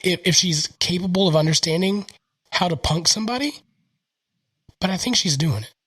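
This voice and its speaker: A man's voice: high-pitched, normal speed, fairly bright tone, husky, no echo, low-quality recording. A young man with a Southern US accent, hosting a casual podcast chat and telling stories in a laid-back way. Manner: laid-back, storytelling with quoted voices. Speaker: podcast host.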